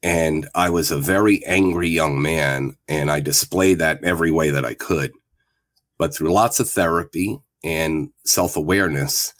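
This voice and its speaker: Man, 50s, very low voice, dry close sound, reflective personal storytelling. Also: no echo. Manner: plain-spoken, reflective, with frequent fillers. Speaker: guest.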